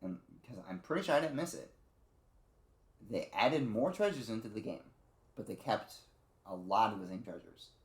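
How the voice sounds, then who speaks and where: A man's voice: lowish voice, lively intonation, normal speed, long pauses, reverberant. A man giving a casual, rambling game review, swearing freely and acting out character lines. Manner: rambling, profane, acts out character lines in quotes.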